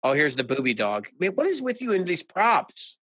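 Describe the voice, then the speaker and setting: A man co-hosting a podcast, telling stories in a casual, animated way, laughing and swearing as he goes. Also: on the high side, normal speed, no room sound. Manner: animated storyteller, swears freely, laughs often. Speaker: podcast co-host. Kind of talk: casual chat.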